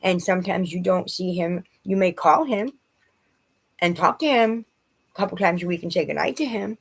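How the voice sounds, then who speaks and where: A woman's voice: lowish voice, moderate pace, creaky, husky, low-quality recording. A woman who is a mother, rambling and agitated as she tells a personal story in a vlog. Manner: rambling and agitated, quoting others.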